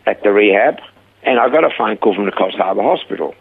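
A man's voice: on the low side, fast, vocal fry, husky. An older man, a guest founder of a rehab centre, telling stories in an interview and acting out the voices in them. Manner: animated retelling with voiced quotes. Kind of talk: storytelling interview. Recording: tinny phone-line sound.

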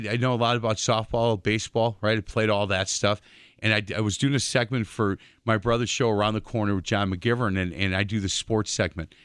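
A man, hosting a casual sports talk radio show and telling lively stories. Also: fairly low pitch, dry recording, clean studio sound. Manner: chatty storyteller, acts out quotes.

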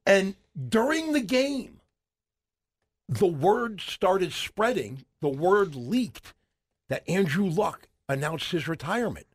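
High-pitched male radio co-host telling stories. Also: takes it slowly. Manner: animated storytelling with frequent fillers and restarts. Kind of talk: casual radio chat.

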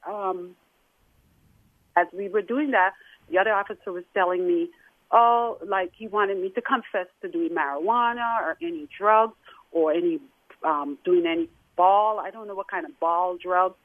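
A woman calling in and recounting her experience in an emotional, halting way. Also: mid-range voice, no echo. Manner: tearful, halting. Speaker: caller. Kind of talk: emotional phone-in account. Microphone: telephone. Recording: tinny phone line.

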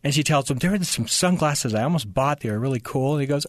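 A man's voice: medium pitch, lively intonation, fast talker, no echo. A man who writes books, talking in an interview and telling a story, stumbling over restarts and acting out the voices of the people in it. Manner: stammering restarts, acts out quoted voices. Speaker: author guest.

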